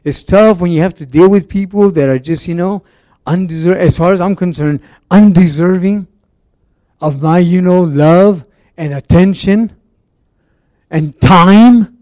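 A man with a fairly high, mellow voice preaches in a loose, folksy way. He leans on fillers and restarts as he talks to his congregation. The sound is dry and close. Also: unhurried, no room sound. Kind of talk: casual conversational sermon.

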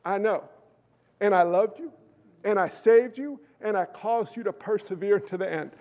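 A preacher voicing Jesus as calm and patient, speaking gently and steadily to a believer in an echoey hall. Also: male voice, sits high, moderate pace, voice pushed down. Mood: tender.

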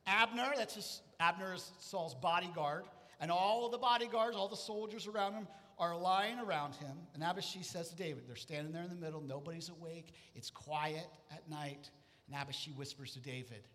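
A man preaching a sermon, telling a story with lively acted-out voices. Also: sits high, moderate pace. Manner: animated storytelling, acting out voices. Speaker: pastor. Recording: hall reverb.

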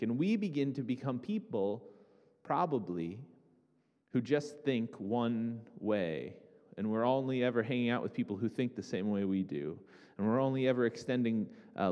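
A man preaching a sermon in a relaxed, conversational way, often turning to the listeners with questions. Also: lowish voice, in a large hall, lo-fi sound. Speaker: pastor.

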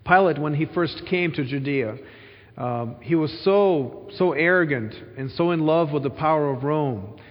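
Guy preaching, kinda high voice, long echo off the church walls, bit muffled. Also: expressive, measured pace. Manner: earnest explaining preacher, repeats key phrases. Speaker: pastor. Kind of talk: sermon. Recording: muffled sound with long hall reverb.

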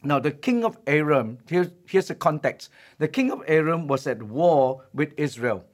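A man in the pulpit preaching to his congregation, his voice sitting a little higher than most men's. He tells a story with emphasis and slows down to drive his main points home. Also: expressive. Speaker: pastor. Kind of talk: sermon.

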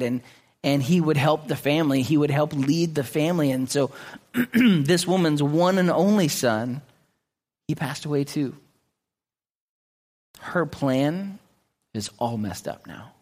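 A man preaching a sermon in an earnest way, often restarting his words and clearing his throat. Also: fairly high pitch, a little mellow. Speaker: pastor.

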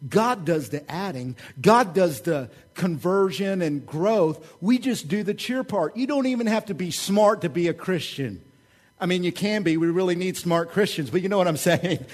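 A man preaching a sermon with a Southern American accent, joking and animated, his voice swinging louder when he mocks others. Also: high voice, normal speed. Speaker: pastor. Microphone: website recording of a church service.

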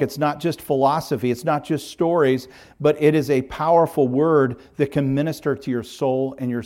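A man's voice: medium pitch, a little mellow. A middle-aged man, a pastor, preaching a sermon in an earnest, emphatic way, stacking up repeated parallel phrases.

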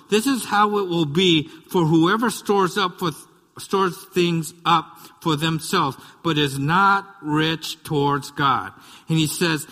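American guy giving a chatty sermon, bright voice a bit high, long hall echo. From United States. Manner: conversational storytelling with frequent asides. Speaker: pastor. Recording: reverberant hall.

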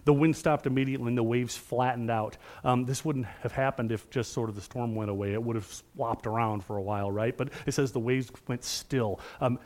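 A man's voice: mid-range voice, steady tone, brisk, few pauses, a little mellow. A middle-aged male pastor preaching a sermon in an earnest, conversational way, often checking in with the room.

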